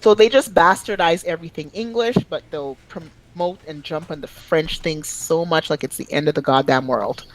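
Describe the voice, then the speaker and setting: Animated, salty-tongued woman from Quebec. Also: moderate pace, hardly any pauses, slight background noise, rough recording. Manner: animated storytelling with sudden high-pitched outbursts; swears freely. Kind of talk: casual chat.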